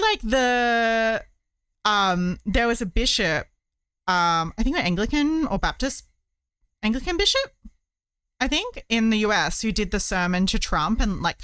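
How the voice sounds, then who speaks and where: A woman's voice: mid-range voice, a bit bright, smooth, no room sound, clean studio sound. A woman streamer chatting casually while she crochets, rambling with many fillers.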